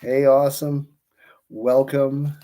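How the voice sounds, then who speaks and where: A man runs a live balloon-twisting stream, speaking slowly and unhurriedly in a warm, middle-pitched voice with a flat delivery. He greets viewers by name, slips into rambling, friendly asides, and keeps his hands working as he chats.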